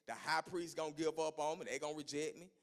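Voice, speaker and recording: Male preacher doing Jesus, steady and plain-spoken, a gravelly, high sermon retelling. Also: quick pace, close to an everyday voice. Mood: earnest. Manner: speaks in casual vernacular. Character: Jesus, calm man teaching his friends.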